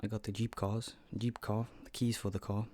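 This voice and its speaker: An eighteen-year-old man recounts a story on his vlog in a loose, chatty way, swearing freely. His voice sits on the low side for a young man. The recording is dry, with no room echo. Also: little pitch movement, moderate pace, mellow. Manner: loose, profane, chatty retelling. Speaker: vlogger.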